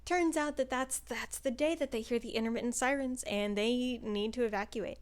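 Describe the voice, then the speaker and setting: A woman's voice: a little high, normal speed. A young woman in casual chat, reviewing a book in a rambling way with lots of fillers. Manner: chatty, rambling, full of "like" and "um" fillers.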